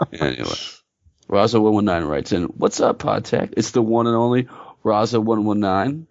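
A man's voice: lowish voice, moderate pace, a little mellow, no echo, dull audio. A man co-hosting a casual gaming podcast, joking around and reading listener submissions. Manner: jokey, drops into silly put-on voices. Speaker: podcast co-host.

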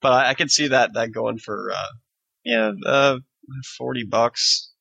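A man's voice: mid-range voice, big pitch swings, measured pace, creaky, pushed and bright, no echo, poor audio. A man co-hosting a casual podcast, talking in a hesitant way with many fillers and restarts. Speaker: podcast co-host.

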